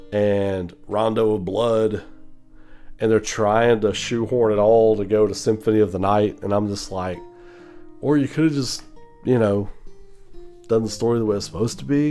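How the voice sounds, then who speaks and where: Animated man ranting, soft guitar behind. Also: fairly low pitch. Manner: animated, swears freely, mimics mumbling voices. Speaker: channel host. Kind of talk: casual opinion rant.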